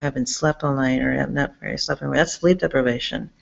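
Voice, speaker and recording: A woman with a very deep, gravelly voice talks a little fast into her camera in a rambling, agitated monologue. She swears a lot and keeps restarting sentences; the audio, taken inside a public campus building, is dull and lo-fi.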